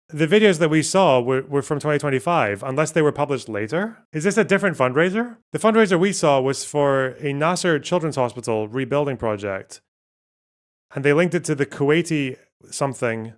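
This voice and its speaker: A male streamer with a middle-pitched voice gives loose live-stream commentary over clips he's watching, cursing quickly and laughing often. He's offhand and self-mocking, stumbling as he reads translations aloud on the fly.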